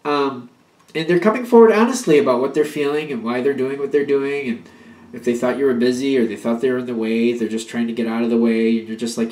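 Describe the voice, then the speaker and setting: A man's voice: mid-range voice, quick pace, darkish tone, echoey room. A man giving a casual spoken tarot reading. He rambles and restarts as he talks, and now and then acts out an imagined partner's pleas. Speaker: tarot reader.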